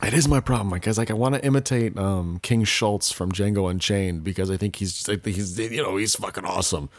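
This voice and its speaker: A man's voice: fairly low pitch, brisk, no echo. A man guesting on a podcast in casual banter, rambling, opinionated and swearing freely.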